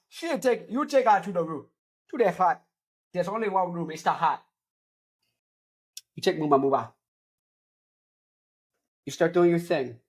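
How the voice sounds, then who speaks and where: Low-voiced woman rambling through a comic bit. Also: lively intonation, a little slow, long pauses, a little mellow. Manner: tangential, self-correcting, jokey absurd riffing. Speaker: podcast host. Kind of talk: rambling comedic storytelling.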